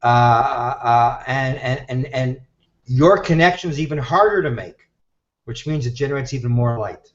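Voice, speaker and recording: A man telling a story in an animated way and acting out the voices of the people he quotes, heard over a live video call. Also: medium pitch, moderate pace. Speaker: guest teacher. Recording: echoey, dull video-call audio.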